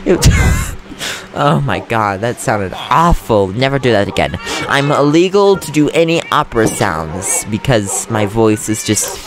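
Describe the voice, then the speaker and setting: A man's voice: fairly low pitch, expressive, measured pace, hardly any pauses, music in the background. Goofy young man playing a game. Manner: goofy, chatty, giggles often; jumpy, nervous about threats. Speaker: gaming channel host. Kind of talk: Let's Play commentary.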